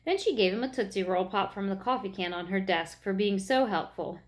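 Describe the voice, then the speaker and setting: A woman reading a children's story aloud in a gentle, expressive way. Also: medium pitch, fairly quick.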